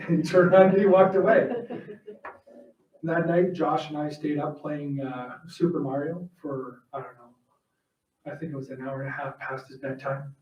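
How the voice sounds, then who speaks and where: A man's voice: a little high, a little mellow, dull audio. A man giving a heartfelt eulogy at a funeral service, telling plain personal stories and leading a prayer. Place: funeral home chapel. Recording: echoey room from far off.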